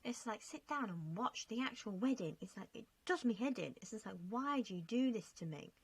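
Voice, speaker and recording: A woman's voice: a little high, animated, a little fast, husky, no room sound. A young woman chatting casually over gameplay, self-mocking and laughing often as she talks through her choices. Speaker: game vlogger.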